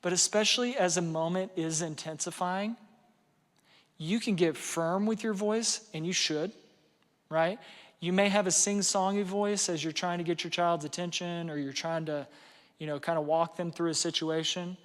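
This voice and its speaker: A man's voice: high voice, steady tone, moderate pace. A middle-aged man giving a casual parenting seminar, conversational and self-deprecating, with lots of fillers and "right?" checks. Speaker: parenting workshop speaker. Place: large hall before an audience. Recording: long hall reverb.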